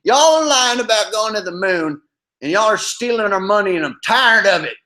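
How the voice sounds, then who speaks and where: A man's voice: sits high, animated, moderate pace, pushed and bright, voice pushed up. A man putting on an Oklahoma hillbilly accent as an angry prank caller ranting on the phone. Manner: ranting, cussing, drawling. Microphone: phone call.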